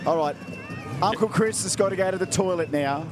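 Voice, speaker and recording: A man's voice: high voice, fairly quick, background noise. An Australian man co-hosting at an outdoor racing event, joking playfully with kids. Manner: playful, jokey. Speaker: event co-host. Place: outdoor racetrack.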